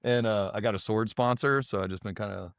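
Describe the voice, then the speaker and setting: A man in his thirties, a podcast guest, telling lively stories in casual chat and mimicking his friends' voices. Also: fairly low pitch, brisk, no echo, studio quality. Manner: animated, mimics voices when quoting friends. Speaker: guest, content creator. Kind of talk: casual storytelling.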